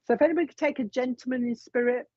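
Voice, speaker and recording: A woman's voice: high-pitched, steady tone, rapid-fire, dry recording. A woman giving a live psychic reading, chatting along as she relays messages from spirit. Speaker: psychic medium. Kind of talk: live reading on a streamed show. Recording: dull, lo-fi stream audio.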